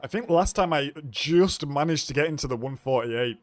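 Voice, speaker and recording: A man's voice: fairly high pitch, moderate pace, no room sound, faint music behind. A man streaming a racing game live, talking casually as he reacts to the race.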